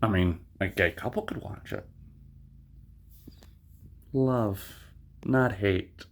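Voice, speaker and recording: Reviewing a movie out loud, a young man meanders through a loose, swear-filled take that keeps drifting onto side topics. He speaks slowly in a lowish voice.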